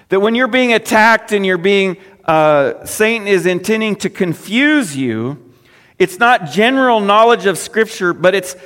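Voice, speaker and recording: A man preaching a sermon in a conversational way, his voice dropping low and soft at the ends of phrases. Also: in a large hall. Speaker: pastor.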